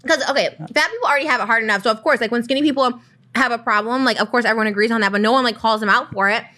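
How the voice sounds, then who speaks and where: Young woman, high bright voice, rapid-fire and animated; heated podcast debater who swears. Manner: fast, animated, argumentative, swears freely. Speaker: podcast co-host.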